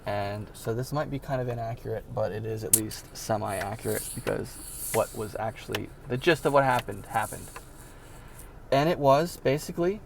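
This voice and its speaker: Gravelly-voiced man rambling through a story. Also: on the low side, moderate pace, a little hiss or hum. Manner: rambling, many fillers and repeats, bursts of disbelief. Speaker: vlogger telling his life story. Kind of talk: casual personal storytelling.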